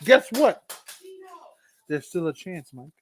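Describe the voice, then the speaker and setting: A joking, animated man trades banter with friends on a podcast. His voice sits a little high for a man, and he bursts into loud laughs. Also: takes it slowly. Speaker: podcast co-host. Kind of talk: casual chat.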